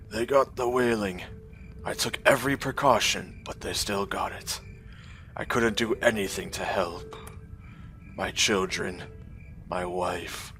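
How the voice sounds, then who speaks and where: A man voicing a despairing man who has lost his family, speaking low, slow and half-whispered. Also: gravelly, fairly bright tone, full character voice.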